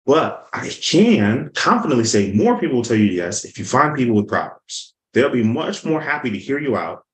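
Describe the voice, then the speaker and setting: A man giving an energetic sales lesson, telling stories and acting out the people in them. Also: medium pitch, moderate pace, echoey room, rough recording. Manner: energetic, storytelling, acts out quotes. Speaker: sales coach. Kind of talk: motivational teaching talk.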